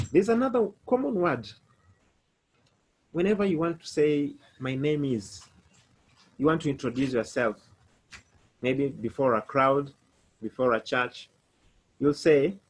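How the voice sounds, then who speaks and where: A male teacher gives an online language lesson at a very unhurried pace. His voice is a little husky. He repeats each phrase several times and spells words out one letter at a time. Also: a little high, poor audio. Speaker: French teacher.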